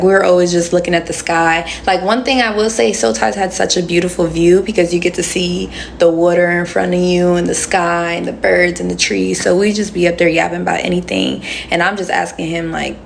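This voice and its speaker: Chatty woman with a gravelly edge. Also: on the low side, a little hiss or hum. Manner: chatty, answering comments with slangy asides. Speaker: livestream host. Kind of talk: casual livestream chat.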